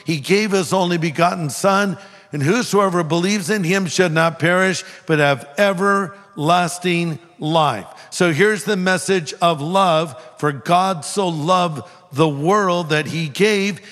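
Guy preaching a sermon, kinda high voice, big echoey hall sound. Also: slow pace, soft background music. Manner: earnest preaching, acts out a street preacher's yelling. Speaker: pastor. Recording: long hall reverb.

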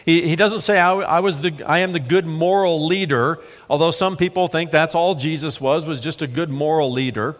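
Pastor preaching in a reverberant hall. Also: male voice, on the high side, steady tone. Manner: measured preaching, slows for scripture readings. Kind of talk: sermon. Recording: long reverb of a large hall.

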